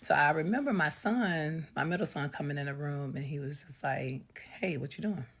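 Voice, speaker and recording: A middle-aged woman telling a painful personal story in a raw, halting, conversational way. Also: low-pitched.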